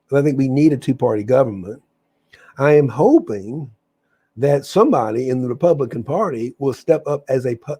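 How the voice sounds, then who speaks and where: A man hosts a casual spiritual livestream in a mellow, dark voice with a gravelly, husky texture. He talks enthusiastically and rambles, often breaking off and restarting his sentences. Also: mid-range voice. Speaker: livestream host.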